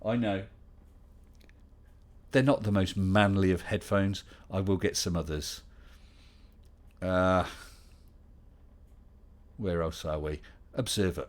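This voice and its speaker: A man's voice: sits low, slow pace, pauses often. A middle-aged man hosting a casual live Q&A stream, chatting and reading out viewer questions with dry humor.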